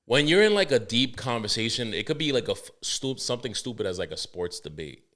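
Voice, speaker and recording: A man in his thirties hosting a podcast, talking in a loose, animated and profane way, often laughing. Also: mid-range voice, fairly quick. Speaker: podcast host. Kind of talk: casual chat.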